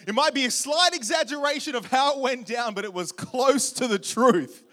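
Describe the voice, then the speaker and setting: A man preaching a sermon, warm storytelling with jokes and questions to the congregation. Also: extremely high pitch, normal speed. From Australia. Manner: humorous, audience-engaging storytelling. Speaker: guest preacher.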